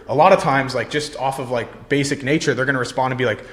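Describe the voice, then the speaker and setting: Speaking fast at a medium pitch with fairly even intonation and few pauses, a young man coaches on sales in a casual lesson. He comes across blunt and confident, swearing freely and adding "right?" to his lines.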